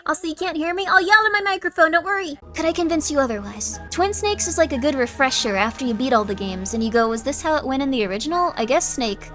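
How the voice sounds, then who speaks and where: A woman streamer in casual chat with her viewers, rambling, excitable and laughing at herself. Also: high voice, quick pace, few pauses, soft background music.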